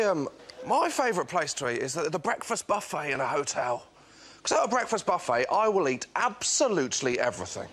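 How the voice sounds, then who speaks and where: High-voiced gleeful comedian man. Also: fairly bright tone. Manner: gleeful, enthusiastic listing. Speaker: stand-up comedian. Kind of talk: stand-up routine on a panel show. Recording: TV studio with heavy noise.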